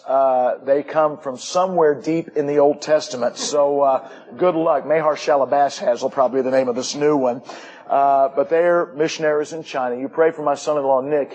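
Husky middle-aged man preaching. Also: mid-range voice, darkish tone, poor audio. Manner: folksy, joking asides. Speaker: missionary preacher. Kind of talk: missionary report to a church.

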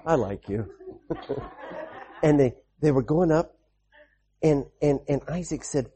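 A man preaching a children's sermon, telling a Bible story in an animated way, repeating lines and calling out amens. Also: on the high side, takes it slowly, pauses often, breathy edge. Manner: animated, repetitive, with call-and-response amens.

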